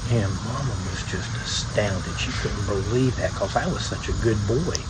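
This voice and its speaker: A man telling stories in an unhurried, folksy way by an outdoor fire, pausing often with "uh". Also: on the low side, very noisy. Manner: unhurried, folksy, lots of "uh" pauses. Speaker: video blogger. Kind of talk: relaxed storytelling by a campfire. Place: outdoors beside a fire at night.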